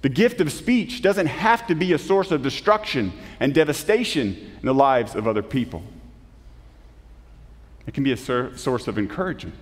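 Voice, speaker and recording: A man preaching a sermon as pastor, earnest, with emphatic rises and soft, slow drops. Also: medium pitch, big pitch swings. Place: church sanctuary. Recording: long reverb of a church hall.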